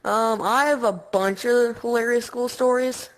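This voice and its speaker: A woman's voice: on the high side, fairly even intonation, measured pace, low-quality recording. A woman guest on a casual podcast, telling school stories in a playful, slangy way.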